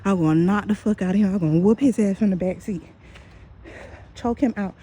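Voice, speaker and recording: A woman telling a story in casual, profane, animated talk while walking outdoors at night, speaking into a phone. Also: mid-range voice, fast talker, slightly rough. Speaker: vlogger. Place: outdoors on a dark street at night.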